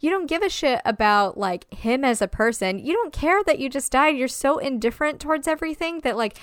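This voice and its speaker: A woman co-hosts a casual movie review chat with a fairly high voice. She sounds exasperated, swears a lot and fills her talk with "like". The recording is dry and close. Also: animated, brisk, fairly bright tone, no echo. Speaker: podcast co-host.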